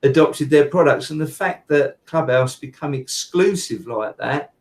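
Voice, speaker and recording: A man's voice: fairly high pitch, a little slow, rough recording. A man talking as a podcast guest in casual conversation, rambling with fillers and restarts.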